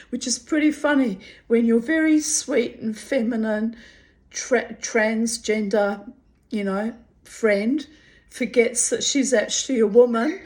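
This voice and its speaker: A woman reading her old diary entries aloud and breaking off into animated, laughing, rambling asides. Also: sits high, low-quality recording. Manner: animated, laughing, digressive storyteller.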